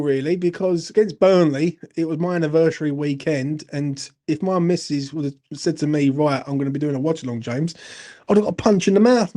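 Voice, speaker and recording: Thirties bloke, fan-channel live host, slightly high voice with a warm, dark tone, sweary and chatty. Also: male voice. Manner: blunt, sweary, chatty, addresses viewers as mate. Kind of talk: live-stream fan chat, reading viewer comments.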